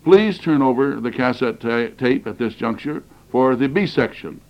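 The recording is muffled, but the man's medium-pitched voice is expressive and moves at a normal speed. On a cassette tape, he delivers an emphatic, sincere Bible prophecy lecture while recovering from the flu, coughing now and then and repeating phrases for emphasis.

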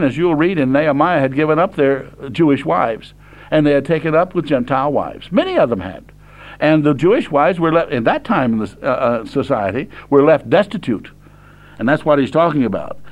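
Older man preaching, high plain-spoken voice. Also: dull audio. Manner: plain-spoken, reads verses slowly then explains. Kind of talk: sermon reading and explaining scripture.

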